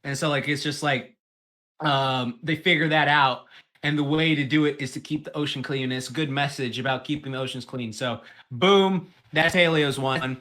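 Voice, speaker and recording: A man's voice: medium pitch, normal speed. A young man co-hosting a podcast, rambling casually with lots of profanity and acted-out quotes. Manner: rambling, profane, animated storytelling with put-on quotes. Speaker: podcast co-host. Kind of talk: casual chat.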